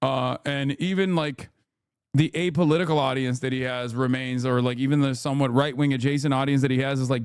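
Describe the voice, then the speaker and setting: A man's voice: medium pitch, steady tone, brisk, clean tone, dry recording, studio quality. A man hosting a live stream, giving heated, mocking political commentary with lots of cursing and filler words. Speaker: streamer host reacting to clips. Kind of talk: profane political reaction commentary.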